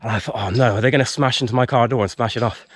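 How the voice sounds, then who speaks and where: A man with a mid-range voice talks very fast while vlogging outdoors in a wood. A little tired from running, he rambles through an animated, casual story packed with fillers.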